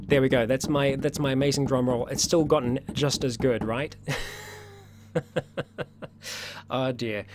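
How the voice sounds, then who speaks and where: A man hosting a casual livestream Q&A, chatty and upbeat, often laughing and restarting his sentences, his voice getting worn. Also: medium pitch. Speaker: livestream host.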